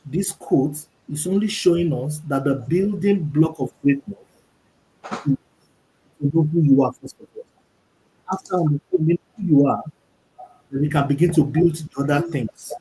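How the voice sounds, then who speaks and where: Warm-toned emphatic motivational coach, man. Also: fairly high pitch, slight background noise, rough recording. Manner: preachy, emphatic, reads quotes slowly. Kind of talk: motivational talk on a group call.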